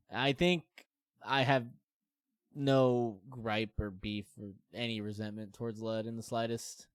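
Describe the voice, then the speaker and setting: A man in his thirties talks to his stream viewers in a loose, rambling way, full of fillers and self-deprecating asides. His voice is smooth and resonant, sitting at an ordinary pitch. He is recorded close on a desk mic with a dry sound. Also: dry recording. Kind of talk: casual chat to stream viewers.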